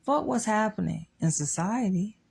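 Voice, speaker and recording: A woman's voice: medium pitch, animated, normal speed, gravelly, a little mellow, husky. A young adult woman giving a blunt, candid monologue to her audience, swearing freely as she states her opinions. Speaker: vlogger.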